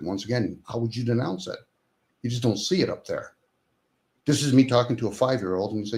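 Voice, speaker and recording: A man's voice: on the low side, fast talker, a little mellow. A man in casual conversation as a guest, arguing in rhetorical questions and acting out the voices of people he quotes.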